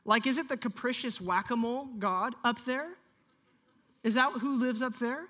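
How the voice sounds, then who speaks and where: A pastor preaching to a church congregation, animated and leading the room in call-and-response. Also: mid-range voice, moderate pace. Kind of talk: sermon.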